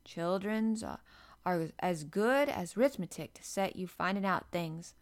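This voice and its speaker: A woman's voice: fairly low pitch, lively intonation, measured pace. A woman voicing a blunt, cheerful young housemaid with a broad Yorkshire accent, talking in hearty dialect.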